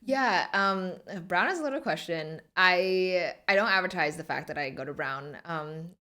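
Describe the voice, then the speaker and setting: A woman in her twenties, a podcast guest, talking reflectively and softly with many fillers. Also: on the low side, lively intonation, moderate pace. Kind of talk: podcast interview.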